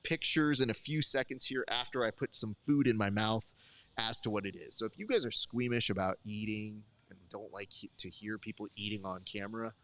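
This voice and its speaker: A man's voice: on the low side, fairly quick, a bit bright. A man hosting a live stream, chatting casually and jokingly with viewers while eating at his desk. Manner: rambling, joking, talks straight to the chat. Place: desk at a live event broadcast.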